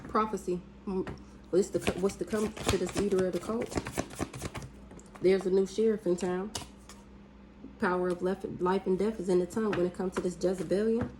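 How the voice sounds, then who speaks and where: A woman's voice: medium pitch, fairly even intonation, moderate pace, long pauses, background noise. A woman in a mid-range voice does a loose spiritual reading, speaking bluntly and cursing freely. She hums and exclaims as she goes. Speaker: spiritual reader. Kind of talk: casual spiritual reading monologue.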